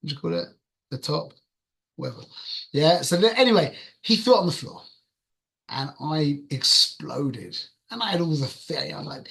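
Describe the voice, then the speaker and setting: A man with a London accent giving a religious talk, telling a story to his audience in an animated, conversational way that swings between loud and hushed. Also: fairly high pitch, normal speed, vocal fry. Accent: London English. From London, England. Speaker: religious teacher.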